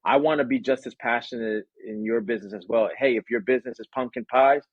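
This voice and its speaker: A man answering interview questions about his business, energetic and lively, acting out quotes and sound effects. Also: medium pitch, fast talker, breathy edge, no echo, dull audio. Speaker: branding agency owner.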